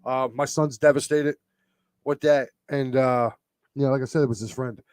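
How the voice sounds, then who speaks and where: Teary, halting man on a sports show. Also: mid-range voice, steady tone, a little mellow, no echo. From Philadelphia area. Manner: halting, full of fillers and pauses. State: teary, emotional. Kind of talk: casual chat.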